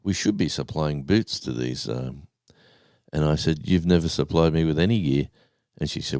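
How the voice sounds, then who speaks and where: A man's voice: rumbling low, moderate pace, darkish tone, no room sound, studio quality. A man hosting a live stream, telling a rambling story in casual chat and reading out names from the chat. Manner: rambling storyteller, reads chat names aloud, says mate.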